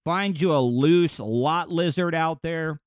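A man hosting a podcast who riffs on news clips in a rambling, crude, joking way. His voice sits fairly high for a man. The sound is dry and close, with no room in it. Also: takes it slowly, no room sound. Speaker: podcast host. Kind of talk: casual comedic commentary over news clips.

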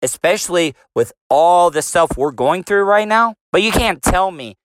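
Guy ranting hard, swears a lot, keeps firing questions, kinda high voice, dry sound. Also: expressive, normal speed, a bit bright, clear, resonant tone, no echo. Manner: profane, combative, rhetorical questions. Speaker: commentator, former radio host. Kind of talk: ranting commentary.

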